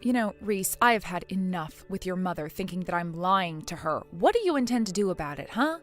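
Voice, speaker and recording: A woman's voice: on the low side, expressive, fairly quick, over loud music, close to an everyday voice. A woman voicing a weary young wife in a text-message drama, pleading and defensive. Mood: fed up.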